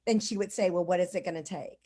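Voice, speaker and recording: A woman's voice: lowish voice, fast, mellow, breathy edge. A woman hosting a casual online conversation, telling stories in a rambling way with lots of "like" and "you know".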